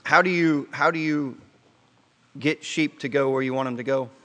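A male pastor delivering a casual, story-driven sermon at an even, middling pitch. He pauses, restarts phrases and drops his pace to land a point. His voice rings out with a long reverb tail, like a church sanctuary. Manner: conversational storytelling with rhetorical questions; halting restarts, slows for emphasis.

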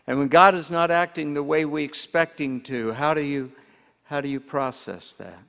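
A man's voice: a little high, vocal fry, a bit bright. Earnest preaching man in a reverberant hall. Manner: earnest, emphatic, slows down on key words. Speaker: pastor. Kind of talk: sermon.

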